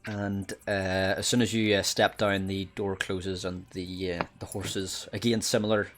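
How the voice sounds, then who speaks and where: A man's voice: low voice, flat delivery, measured pace, slight background noise. A Northern Irish man narrating a tabletop game as game master, with many hesitations. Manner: hesitant, many uhs, breaks into laughter.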